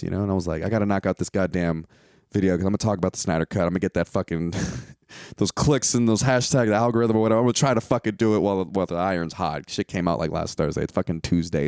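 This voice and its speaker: A low, deep-voiced man talks loosely and profanely in a casual podcast monologue. He drifts from topic to topic and sometimes jumps into playful, squeaky outbursts. The recording is close and dry. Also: creaky, a little mellow, dry recording. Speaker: stand-up comedian and podcast host.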